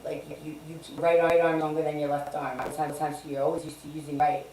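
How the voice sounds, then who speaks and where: A woman guest, a musician, chatting casually with a deep, throaty voice, rambling and restarting, swearing freely. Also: level tone, fast talker, darkish tone, reverberant, distant mic, a little hiss or hum, rough recording. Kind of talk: casual chat.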